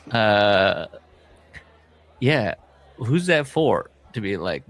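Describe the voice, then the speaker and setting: A man's voice: fairly low pitch, sing-song, very slow, pauses often, a bit bright. A man co-hosting a podcast in casual chat, joking, mocking and laughing often. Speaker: podcast co-host.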